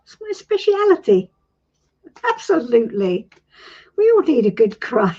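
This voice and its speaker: Middle-aged British woman, tarot host; warm, encouraging coaching talk, animated delivery over slightly muffled stream audio. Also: on the high side, a little slow, slightly rough. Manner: warm, reassuring, calls people sweetie. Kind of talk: live-stream coaching chat.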